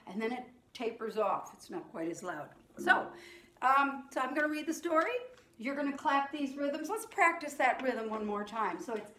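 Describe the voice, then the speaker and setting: Slow, gentle high-voiced woman teacher. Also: reverberant. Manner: gentle, slow and patient, addressing young children. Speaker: music teacher. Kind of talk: children's sing-along lesson.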